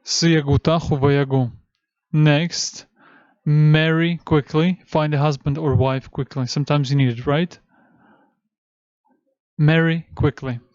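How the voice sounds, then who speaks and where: A man with a fairly high voice lectures at a very slow pace, drawing out chanted syllables and pausing to cue each breath in and out. The recording is dry and dull, with a muffled top end. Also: flat delivery, a little mellow, no room sound. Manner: repeats syllables slowly, cues breathing in and out. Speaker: esoteric teacher.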